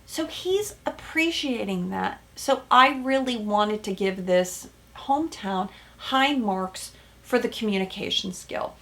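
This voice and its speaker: A woman therapist hosting a casual recap of a reality show, animated and emphatic, with frequent "right?" asides. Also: medium pitch, measured pace, few pauses.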